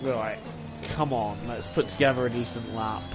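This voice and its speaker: A gaming channel host narrates a racing game to himself, self-critical and prone to exasperated outbursts, as faint game music plays. His mid-range voice holds a steady tone at normal speed.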